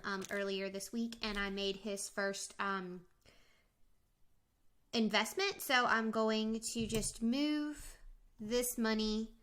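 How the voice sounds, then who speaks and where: A young adult woman casually walking through her budget, talking in a relaxed way with frequent fillers and restarts while snacking. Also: mid-range voice. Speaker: vlogger.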